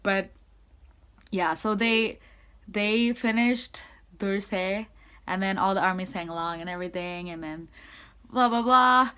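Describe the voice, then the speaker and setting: A young woman excitedly recapping a concert she attended, in casual rambling speech full of "like". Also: mid-range voice, unhurried, long pauses, clean tone. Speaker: concert-going fan.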